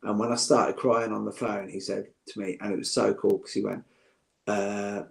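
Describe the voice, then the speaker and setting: A man's voice: fairly low pitch, little pitch movement, normal speed, creaky. A middle-aged man, chatting as a podcast guest, joking and heartfelt by turns. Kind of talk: casual chat.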